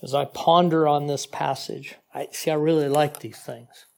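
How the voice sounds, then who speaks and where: Animated man preaching. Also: on the high side, normal speed, creaky. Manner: conversational, animated preaching with asides to the congregation. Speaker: pastor. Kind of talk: sermon.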